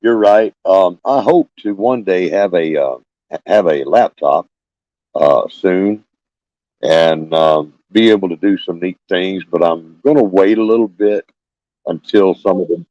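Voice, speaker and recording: An older man, chatting haltingly with many fillers while hosting a live stream from his phone. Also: deep voice, darkish tone, no room sound, muffled recording. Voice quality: scratchy. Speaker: homestead channel host. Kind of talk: casual live stream chat. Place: small room with fans running.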